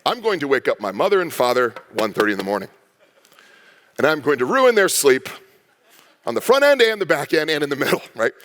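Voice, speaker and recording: Animated pastor in a reverberant church. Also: male voice, fairly high pitch, a little fast, long pauses. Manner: animated storytelling with acted-out quotes and laughs. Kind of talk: sermon. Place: church sanctuary.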